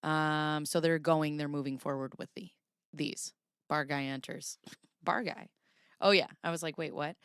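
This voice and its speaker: Brief: chatty streamer woman, crisp and bright, dry close sound, reads filings and laughs with chat. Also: sits low, fairly even intonation, a little slow, no room sound. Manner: giggly, chatty, talks to chat. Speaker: livestream host. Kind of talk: casual livestream commentary, reading documents aloud.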